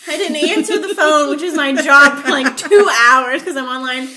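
A young woman co-hosting a casual chat, excitable and swearing as she rushes through her stories. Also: sits high, a crowd in the background. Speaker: podcast co-host.

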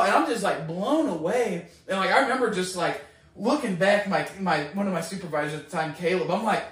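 A man telling a story in casual conversation, acting out both sides of the exchange with mounting excitement. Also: sits high, fast. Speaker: guest. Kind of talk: animated storytelling in casual chat. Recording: echoey room, distant mic.

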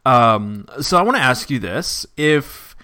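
A man hosting a casual interview podcast, chatty and quick to laugh. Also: mid-range voice, expressive, pushed and bright, clear, resonant tone. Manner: laughs easily, loose and chatty. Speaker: podcast host.

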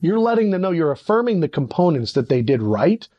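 A man's voice: brisk, dry recording, lo-fi sound. A middle-aged man, a ministry leader, giving a conversational leadership teaching and acting out little dialogues. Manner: animated, acts out little dialogues with sudden pitch jumps.

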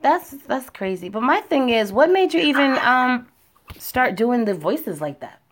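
A woman hosting a casual chat in a relaxed, chatty way. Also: on the high side, unhurried.

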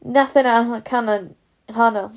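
A woman voicing a huge, soft-hearted man who is blustery and sentimental. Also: a little high, steady tone, unhurried. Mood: reassuring. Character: huge gentle half-giant man, tearful.

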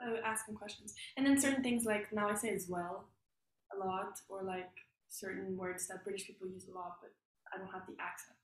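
Woman, young, casual chat, slightly high voice, distant mic, faint noise. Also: little pitch movement, fairly quick, echoey room. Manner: chatty, amused, says "so weird" a lot.

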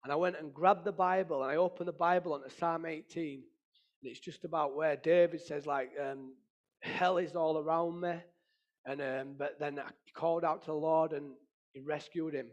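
A man's voice: fairly high pitch, steady tone, moderate pace, lo-fi sound. A man, sharing an emotional personal testimony in an earnest storytelling manner. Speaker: testimony speaker.

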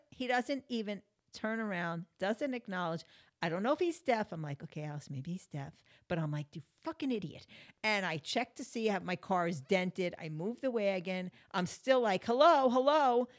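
A middle-aged woman talks through spiritual self-help in a loose, chatty way. She tells her stories animatedly, acting out her own bursts of anger. Her voice sits at an ordinary middle pitch for a woman. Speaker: vlogger giving life advice.

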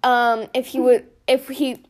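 Young woman, casual podcast storytelling, phone mic up close, lively and giggly. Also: high voice, unhurried, background noise. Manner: animated, giggly, acts out quotes. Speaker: podcast co-host. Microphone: phone held close.

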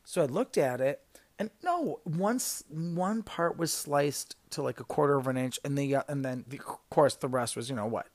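A podcast host in their thirties, with medium pitch and a moderate pace, tells a work story. The delivery is rambling and casual, with lots of fillers, self-corrections and swearing.

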